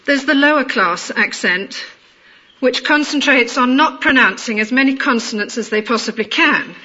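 A woman with a middle-class London accent, telling a personal story in a measured, amused way, in a dull lo-fi recording. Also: high voice, expressive, sharp tone, slight background noise. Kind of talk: personal anecdote told aloud.

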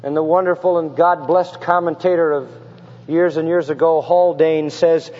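A man's voice: a little high, moderate pace, a little mellow. A man delivers a sermon in a slightly raised register, pressing his listeners with rhetorical questions and reading scripture with growing intensity. His voice trails off into a long reverberant tail, and the recording has a muffled, lo-fi quality. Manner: asks rhetorical questions and reads scripture with rising fervor. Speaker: preacher.

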